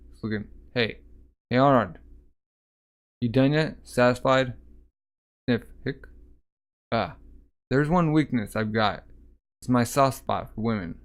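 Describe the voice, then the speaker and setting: A man casually reading a manga aloud, voicing the lines and adding sound effects and asides as he goes. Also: mid-range voice. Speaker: manga reader.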